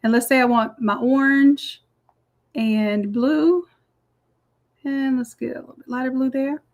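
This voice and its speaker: A woman walking through a design software tutorial step by step in a chatty, explaining way. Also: sits high, fairly even intonation, measured pace. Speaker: design instructor. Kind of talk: screen-recorded software tutorial.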